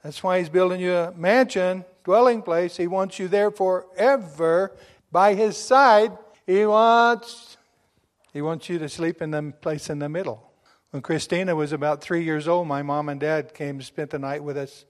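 High-voiced, exuberant middle-aged preacher. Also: male voice, normal speed. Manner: exuberant, emphatic, bursts into shouting. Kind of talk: sermon.

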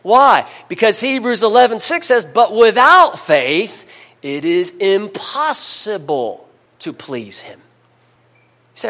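A man preaching a sermon, emphatic, calling for amens and dropping to a hush between louder bursts. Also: sits high, very animated, slow pace. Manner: emphatic preaching with call-and-response amens, swings between loud and hushed.

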